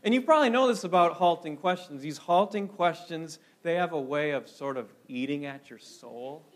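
Casting: high-pitched male pastor from Minnesota, animated storyteller, sermon in a church. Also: moderate pace. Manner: animated storytelling with repeated restarts.

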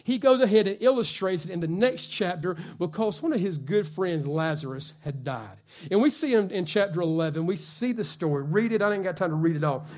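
High-voiced fervent preacher man. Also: animated. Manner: fervent preaching, swings from loud urging to hushed slow scripture reading; folksy, says "man" and "come on". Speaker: pastor. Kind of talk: sermon. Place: church.

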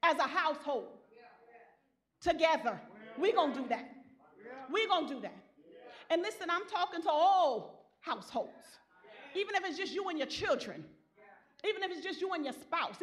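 A woman preacher delivering an impassioned sermon, swinging from soft, low passages to loud, rising calls. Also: animated, measured pace, long pauses.

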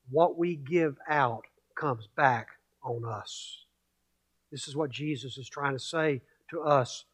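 A male pastor preaching a sermon, emphatic, repeating key phrases and building with rhetorical questions. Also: on the high side.

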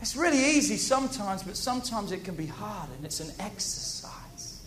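A man preaching a sermon to a congregation, animated, repeating key phrases and asking the audience questions. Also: high-pitched, moderate pace, slight background noise.

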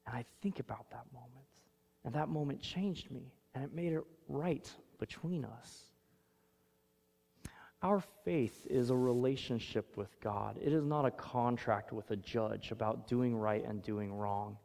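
Storytelling pastor in a reverberant hall. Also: male voice, medium pitch, unhurried, creaky. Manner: storytelling, swings from loud emphasis to hushed. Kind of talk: sermon.

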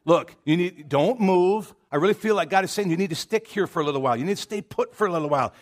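Preacher guy, chatty sermon, kinda higher voice, keeps restarting his sentences. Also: expressive, quick pace, some chatter behind. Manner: folksy and conversational, with many restarts and asides. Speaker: pastor. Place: church sanctuary.

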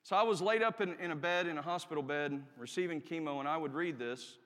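A man's voice: on the high side, fast talker, fairly bright tone. A man, an army chaplain, giving a candid testimony sermon and telling his story earnestly with emphatic rises. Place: church. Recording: long reverb of a church hall.

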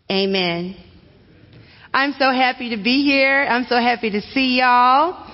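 A woman's voice: high-pitched, unhurried. A woman from Arkansas, a guest preacher delivering a sermon in a folksy, friendly manner. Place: church sanctuary. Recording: dull sound in a reverberant church.

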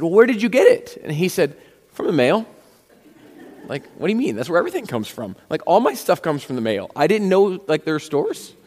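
A man preaching a sermon as a pastor, telling stories in a conversational way and acting out the dialogue. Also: mid-range voice. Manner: conversational storytelling with quoted dialogue. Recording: long hall reverb.

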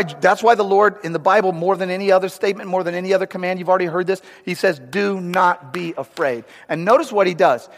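A man with a fairly high voice delivers a sermon. His words ring out with a long reverb, as in a large church hall. He tells stories with urgency, then drops to a hushed, prayerful tone. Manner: storytelling, swings from loud urgent preaching to hushed prayer. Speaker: pastor.

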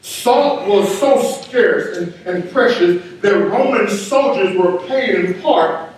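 A man's voice: high-pitched, lively intonation, slow, a little hiss or hum. A man preaching a sermon in a church, emphatic, repeating key words for stress. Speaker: pastor. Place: church sanctuary. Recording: echoey room, mic at a distance.

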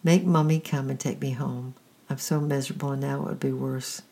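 A storyteller reading the lines of a frightened eleven-year-old girl, timid and pleading, in a creaky, husky voice. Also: medium pitch, fairly even intonation, a little fast, warm tone, close to an everyday voice.

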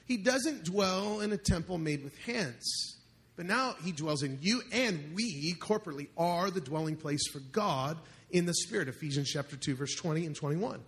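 A man's voice: high voice, fairly bright tone. A man preaching a sermon to a live congregation in church, joking and calling out questions to the crowd. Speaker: pastor.

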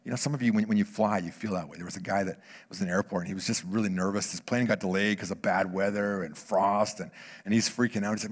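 A male pastor preaching a sermon, shifting between hushed near-whispers and loud animated bursts, often repeating words as he restarts his phrases. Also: medium pitch, fast, long reverb tail.

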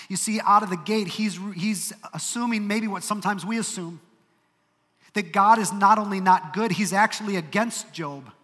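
Pastor preaching in a reverberant hall. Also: male voice, sits high, moderate pace, a bit bright. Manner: emphatic, with dry humorous asides. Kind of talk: sermon. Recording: long reverb of a large hall.

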